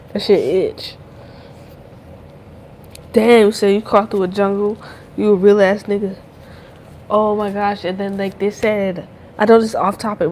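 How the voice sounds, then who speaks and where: A woman's voice: mid-range voice, darkish tone, slight background noise. A young adult woman hosting a podcast, rambling in loose, profane slang in casual chat. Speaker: podcast host.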